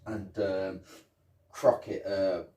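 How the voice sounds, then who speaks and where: A man's voice: deep voice, level tone, extremely slow, dark tone. A man co-hosting a podcast, chatting casually about a TV episode and acting out lines from scenes. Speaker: podcast co-host. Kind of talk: casual chat reviewing a TV episode. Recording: roomy, distant mic.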